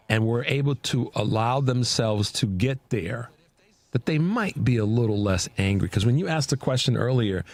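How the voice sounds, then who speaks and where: A man's voice: mid-range voice, no room sound. A man hosting a radio talk show, speaking emphatically in casual chat with frequent restarts. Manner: animated, emphatic, with repeated restarts.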